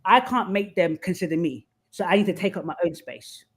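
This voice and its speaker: Fast-talking woman guest, candid and animated. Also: fairly low pitch. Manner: animated storyteller acting out quoted voices. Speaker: podcast guest. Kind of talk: candid conversational advice.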